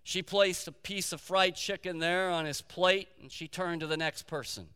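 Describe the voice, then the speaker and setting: Bright-voiced preacher in a reverberant hall. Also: male voice, high voice, fairly even intonation, moderate pace, clear, resonant tone. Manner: storytelling preacher, repeats key phrases for emphasis. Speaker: pastor. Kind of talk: sermon.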